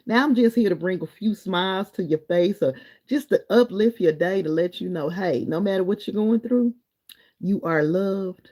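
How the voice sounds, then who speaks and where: With a mid-range voice and a moderate pace, a middle-aged woman hosts a live stream. She's chatty and warm, responds encouragingly to viewer comments, and lets the talk wander across topics.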